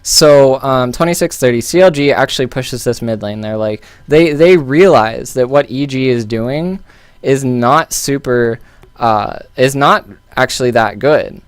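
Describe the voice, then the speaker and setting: A man's voice: medium pitch, a little slow, smooth, dry recording. A man casually analyzing a recorded esports match, thinking aloud with frequent fillers and restarts. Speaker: game analyst. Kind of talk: casual game analysis commentary.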